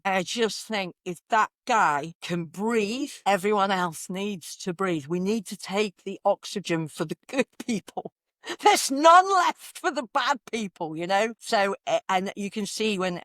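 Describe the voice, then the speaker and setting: A woman, a confidence coach talking in an energetic, conversational way and repeating phrases for emphasis. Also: fairly low pitch, no echo, clean studio sound. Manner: animated, repeats phrases, sings affirmations in varied inflections. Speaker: confidence coach, podcast guest.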